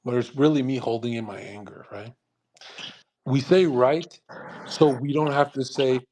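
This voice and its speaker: A man's voice: mid-range voice, moderate pace, darkish tone. Brash, profane man hosting a live audio chat. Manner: brash, profane, mocking impressions of others. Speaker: host of a live audio space.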